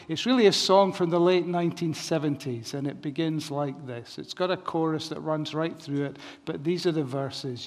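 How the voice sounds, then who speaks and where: Male preacher, fairly high voice, measured reasoning sermon, long church reverb.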